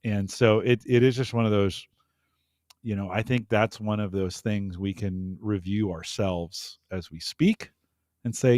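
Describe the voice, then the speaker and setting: A man from the United States with a lowish voice, chatting on a podcast in a dry, close sound. He talks reflectively, laughs easily and second-guesses his own points. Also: measured pace, darkish tone, no room sound. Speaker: podcast host. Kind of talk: casual chat.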